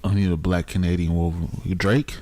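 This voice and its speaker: Very deep-voiced joking young man. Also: little pitch movement, very noisy. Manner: joking, laughs often, quick opinions. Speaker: podcast co-host. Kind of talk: casual chat.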